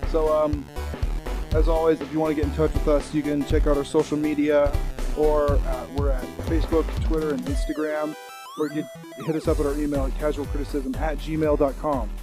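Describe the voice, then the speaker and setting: A young man co-hosting a casual podcast, joking around and telling stories in a quick, animated way. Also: fairly high pitch, music in the background. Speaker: podcast co-host. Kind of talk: casual chat. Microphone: studio mic with monitor.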